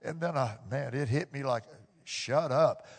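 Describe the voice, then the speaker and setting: A man preaching a sermon as a pastor, building from slow, quiet stretches to loud, shouted peaks. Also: medium pitch. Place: church sanctuary. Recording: long reverb of a large hall.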